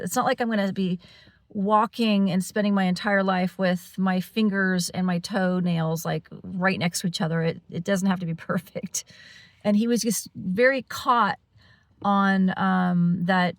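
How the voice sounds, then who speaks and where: A woman talks straight to her camera and tells a personal story in a loose, rambling way, full of fillers, restarts and little laughs. Her voice sits in a middle pitch, and the sound is dry and close, with no room echo. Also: steady tone, a little slow. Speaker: paranormal channel host.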